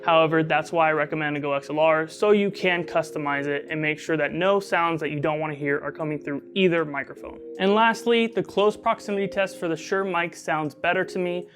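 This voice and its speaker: A man's voice: on the high side, fairly quick, hardly any pauses, a bit bright. A man giving a casual tech review, explaining his setup in an upbeat way.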